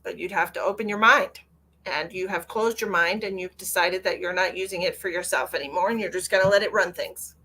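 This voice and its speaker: A woman's voice: lowish voice, brisk, pushed and bright, breathy edge. A woman psychic medium on a live stream, answering viewer comments in a blunt, lecturing way and repeating phrases for emphasis. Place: at home with her cat.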